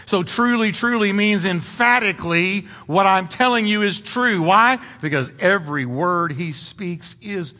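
High bright-voiced preaching pastor. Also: male voice, unhurried, few pauses, in a large hall. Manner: emphatic preaching with repetition and humor. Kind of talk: sermon. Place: church sanctuary.

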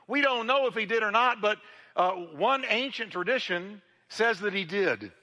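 A male pastor preaching a sermon to his congregation, swinging between loud emphasis and hushed, intimate passages, often repeating words as he builds. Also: high-pitched, animated, normal speed, long reverb tail. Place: church sanctuary.

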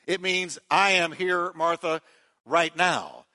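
Pastor, male, high bright voice, emphatic repetitive sermon delivery with call-and-response. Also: animated, takes it slowly.

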